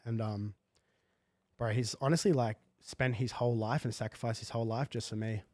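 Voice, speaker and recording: A man's voice: mid-range voice, steady tone, brisk, a little mellow, no echo, clean studio sound. A young man telling a personal story in a casual, slangy podcast chat full of fillers. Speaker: guest. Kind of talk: candid podcast conversation.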